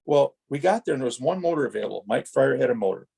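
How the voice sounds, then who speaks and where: A man's voice: mid-range voice, fast, creaky, husky. A middle-aged man from Wisconsin, a former racer, telling rambling racing stories as a podcast guest and acting out the exchanges he quotes. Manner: animated anecdotes, acts out quoted exchanges. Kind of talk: rambling storytelling.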